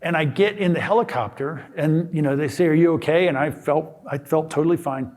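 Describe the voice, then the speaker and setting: A man's voice: fairly high pitch, brisk, darkish tone. A man in his sixties giving a casual talk in a lecture hall, telling a story with restarts and acted-out quotes. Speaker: guest speaker.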